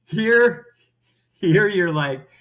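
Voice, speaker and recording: A man co-hosting a podcast in casual chat, relaxed and teasing. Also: high-pitched, drawn-out words. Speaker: podcast co-host.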